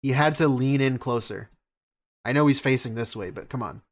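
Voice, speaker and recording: A man's voice: medium pitch, normal speed. A man hosting a reaction stream, mocking the clip he watches in sarcastic, casual commentary.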